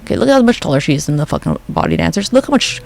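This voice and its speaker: A vlogger ranting casually over photos, swearing freely and slipping into quick mock quotes, sounding a little bummed. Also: medium pitch, wildly swooping pitch, vocal fry. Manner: profane, gossipy, acts out quick mock quotes. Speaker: conspiracy commentary vlogger.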